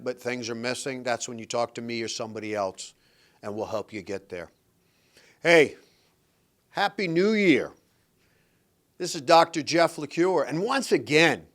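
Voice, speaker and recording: A middle-aged man hosting a podcast, giving relationship advice in an emphatic, blunt, preachy motivational monologue. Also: mid-range voice. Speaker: podcast host and relationship coach.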